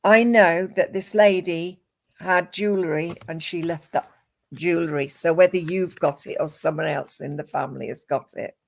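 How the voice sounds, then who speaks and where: A woman giving a live psychic reading, calm and measured, listing names and images one at a time. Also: lowish voice, creaky. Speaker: psychic medium.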